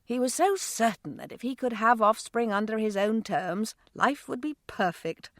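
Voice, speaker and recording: A woman voicing a steady, kind husband and father who speaks calmly and reassuringly. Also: on the high side, normal speed, no echo, clean studio sound.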